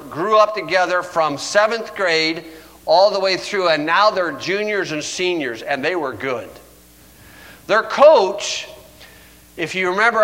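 A man's voice: high voice, sharp tone, rough recording. An older man preaching a sermon in a folksy, storytelling way, chuckling often. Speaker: pastor.

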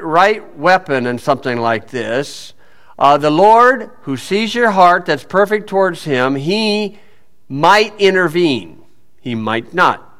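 A man's voice: sits high, fairly bright tone. A man preaching a sermon in a folksy, plain-spoken way, often putting rhetorical questions to his listeners.

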